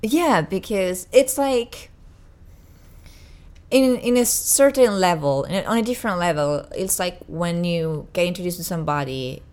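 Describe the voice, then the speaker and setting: A woman's voice: lowish voice, expressive, measured pace, a little mellow. A young woman from Italy, English not her first language, chatting casually and often stopping to search for words. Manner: searching for words, many restarts. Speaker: podcast guest. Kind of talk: casual chat.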